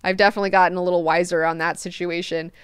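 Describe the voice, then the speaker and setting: A woman's voice: on the low side, very fast, smooth, no room sound, studio quality. Chatty, swearing woman book-club host. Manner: profane, animated, chatty retelling. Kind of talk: casual book discussion.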